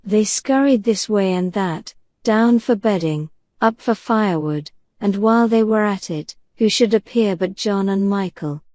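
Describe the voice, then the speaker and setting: A woman narrating a bedtime storybook in a calm, gentle reading voice. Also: mid-range voice, a little slow, few pauses, no echo. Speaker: audiobook narrator.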